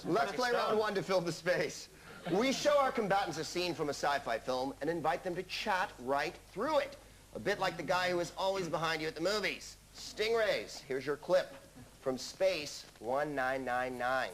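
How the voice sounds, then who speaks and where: A man with a voice on the high side hosts a comic quiz show in a TV studio before a live audience, speaking at a moderate pace. He delivers scripted jokes with wry punchlines, and the broadcast recording carries loud audience noise.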